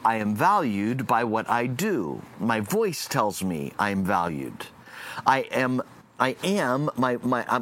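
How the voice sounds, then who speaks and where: A man who is a preacher, delivering a reflective sermon and slowing down on key phrases. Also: medium pitch. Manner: lively, reflective delivery with slowed emphatic phrases.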